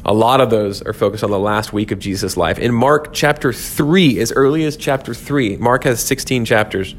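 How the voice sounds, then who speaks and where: A man's voice: medium pitch, normal speed, a little hiss or hum. A man hosting a devotional podcast, talking through scripture in an earnest, reflective way and repeating key phrases for emphasis. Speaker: podcast host teaching on scripture.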